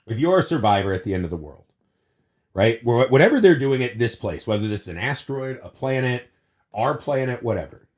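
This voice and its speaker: A man's voice: medium pitch, lively intonation, a little fast, a little mellow. A man co-hosting a podcast, ranting about a movie in casual, profane chat and sore from surgery wounds. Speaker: podcast co-host.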